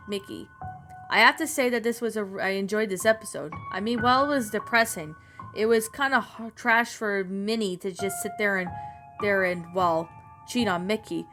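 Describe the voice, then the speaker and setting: A woman's voice: mid-range voice, a bit bright. A woman narrating a creepypasta and then reviewing it in a rambling, self-correcting way.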